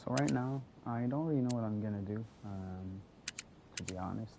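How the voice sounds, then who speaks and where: A man with a low, gravelly voice rambles through casual gameplay commentary, joking and repeating his words. He takes his time, and a steady noise hum sits under the recording. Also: moderate pace. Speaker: game streamer. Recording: noisy with steady background hum.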